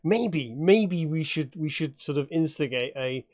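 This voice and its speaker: A man's voice: fairly high pitch, expressive, measured pace, a little mellow. A man from England chatting as a player in a tabletop game, rambling with many restarts and fillers. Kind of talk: casual chat at a tabletop game.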